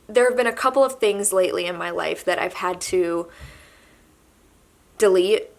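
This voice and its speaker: A young woman vlogging to camera, halting and soft-spoken as she admits she is pregnant and emotional. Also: lowish voice, gravelly. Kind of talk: candid emotional confession to camera.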